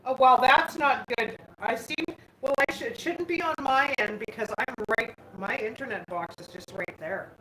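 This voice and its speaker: A woman's voice: fairly high pitch, normal speed, fairly bright tone. A woman hosting a casual live stream from her home kitchen on a phone, chatting and reading out viewer comments as she answers them. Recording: echoey room, faint background hum.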